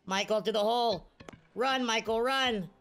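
A woman's voice: on the high side, normal speed, faint music behind. A woman giving live video game commentary, cheering and groaning at every play. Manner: excitable, cheers and groans at plays. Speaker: gaming streamer.

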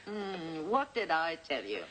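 A woman's voice: low voice, very animated, measured pace, background noise. An actress playing a dry, motherly woman in the style of 1980s TV soap acting. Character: motherly, sensible older woman.

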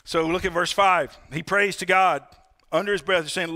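A man with a high voice preaches to his church. His tone is bright and forceful, and he talks to the congregation as friends. He keeps checking in with them for an "Amen.". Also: steady tone, normal speed. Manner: conversational, addresses the congregation as "friends"; asks for "Amen?" responses. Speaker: pastor. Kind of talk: sermon.

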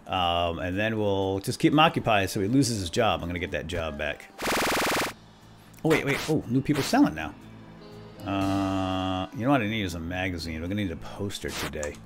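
A man's voice: sits low, expressive, normal speed, over music. A man chatting his way through a video game as a let's play host, talking to himself and chuckling often. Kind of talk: gameplay commentary.

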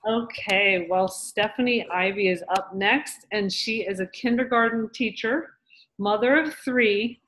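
A woman's voice: medium pitch, measured pace, fairly bright tone, rough recording. A woman hosting a team video call, introducing speakers with upbeat praise. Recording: faint background noise.

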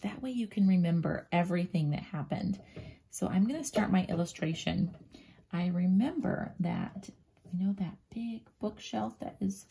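A woman teacher slowly and gently walking young pupils through a writing lesson, often dropping into a soft near-whisper as she draws and spells. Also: fairly low pitch, vocal fry, slightly rough. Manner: slow, gentle, talks directly to young pupils. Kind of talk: children's writing lesson, drawing and thinking aloud.

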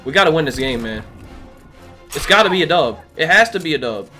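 A man narrates his own gameplay with a high, swooping voice that leaps up whenever he gets excited. He sounds a little under the weather, and he trash-talks opponents freely. Soft music plays underneath. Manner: excitable, trash-talking, quick laughs. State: a little sick. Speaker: gaming YouTuber. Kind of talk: live gameplay commentary. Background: faint background music.

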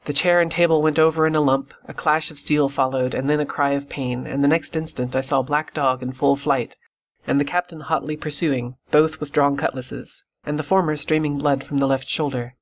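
A man reading an audiobook in steady, measured scripted narration. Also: a little high. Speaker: audiobook reader.

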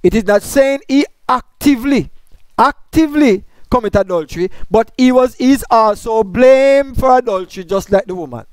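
A man's voice: very high-pitched, normal speed, clear, resonant tone, no echo. A man teaching a Bible study, explaining grammar point by point and asking questions that he answers himself.

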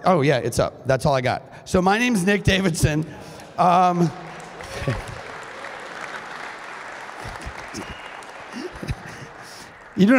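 Hoarse man in his 40s, keynote speaker, chatty and joking with lots of ums; stage mic, long hall reverb. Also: a little high. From Duluth, Minnesota, USA. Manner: joking, chatty, with frequent fillers. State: hoarse, recovering from lost voice. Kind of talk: humorous keynote talk. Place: large high school hall.

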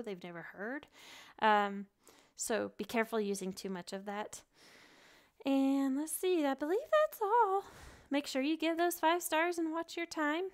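A woman who teaches English online, giving casual and animated advice in a vlog from her home and laughing often. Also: a little high, clean tone.

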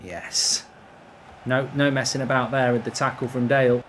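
A man giving excitable, sweary live commentary while he plays a football video game. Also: medium pitch, moderate pace, a little hiss or hum. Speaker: gaming streamer.

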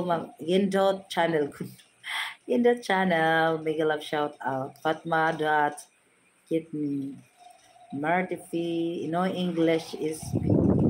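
Filipino woman, live stream host, slow unhurried talk, reads viewer names out, noisy room behind. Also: sits low. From Philippines. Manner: reads out viewer names, giving shout-outs. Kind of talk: live stream chat, reading comments aloud.

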